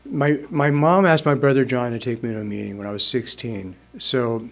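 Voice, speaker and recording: A man's voice: medium pitch, fairly even intonation, moderate pace, vocal fry. Rambling storyteller man in his 60s. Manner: casual, rambling, chuckles while telling. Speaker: speaker at a recovery meeting. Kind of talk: personal storytelling testimony.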